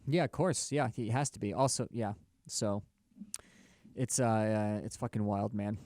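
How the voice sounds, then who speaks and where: A man co-hosting a comedy podcast, chatting in an animated way with jokey asides and swearing. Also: lowish voice, unhurried, no echo, clean studio sound. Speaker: podcast co-host. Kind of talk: casual comedic chat.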